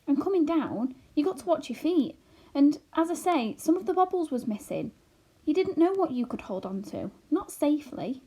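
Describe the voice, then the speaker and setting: Old borrower fellow, homely and rambling, lively lilting delivery, read by a woman. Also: high voice, moderate pace, voice pushed up. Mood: explaining. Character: plain-spoken elderly male borrower, steady and homely.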